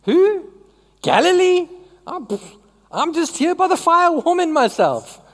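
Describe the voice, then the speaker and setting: A woman voicing a panicked man who denies knowing his friend, talking fast and defensive. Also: extremely high pitch, sing-song, long reverb tail, pitched above the performer's own voice, full character voice. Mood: flustered denial. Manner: flustered, defensive.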